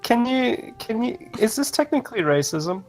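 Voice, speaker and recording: A man's voice: extremely high pitch, very animated, moderate pace, faint music behind. A young man co-hosting a podcast, chatting casually and teasing the others with cheeky questions. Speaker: podcast co-host. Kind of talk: casual chat.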